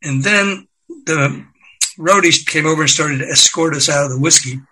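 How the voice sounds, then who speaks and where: An older man, a record executive, telling lively anecdotes as an interview guest, acting out the quotes and laughing along. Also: a little high, moderate pace, a little hiss or hum, low-quality recording. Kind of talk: anecdotal storytelling.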